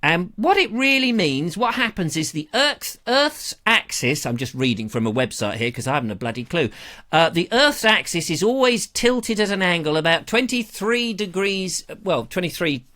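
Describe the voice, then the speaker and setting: Brief: chatty English male live-stream host, bright and animated, rambling jokey storyteller. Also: high voice, moderate pace. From England. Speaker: host of a live online show. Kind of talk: casual live-stream chat reading viewer comments. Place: back room at home. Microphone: camera.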